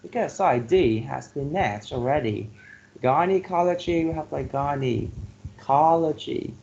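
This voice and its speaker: A male teacher going through a vocabulary exercise, slowly repeating each word and filling pauses with "like" and "okay". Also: fairly high pitch, vocal fry, darkish tone. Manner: slow, repeats words to drill pronunciation; filler-heavy, says "like" and "okay" often. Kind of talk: classroom lesson on word stress. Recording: dull lo-fi classroom recording with faint noise.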